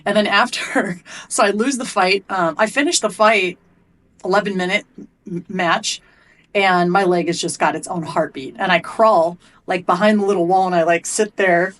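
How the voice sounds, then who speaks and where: Speaking at a moderate pace in a mid-range voice, this middle-aged woman, an athlete and coach, gives a frank podcast-interview story. Her retelling is animated, blunt and heavy with profanity.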